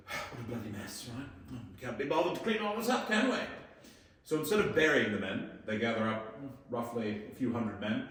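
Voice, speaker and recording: A man leading a guided tour at a historic fort, lively and joking, often quizzing his group. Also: on the low side. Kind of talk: guided tour talk to visitors. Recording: echoey space, voice from a distance, faint noise.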